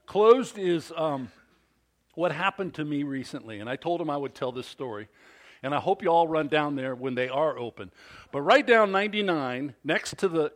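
A man preaching at a church service who tells a story before turning to his teaching. He keeps checking in with the congregation, and his fairly high voice rises and falls a great deal. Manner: animated storytelling with frequent questions to the congregation. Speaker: pastor. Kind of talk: sermon.

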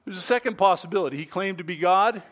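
A man preaching a sermon in an animated, playful way, acting out quotes and little scenes to make his point. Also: sits high, fast talker.

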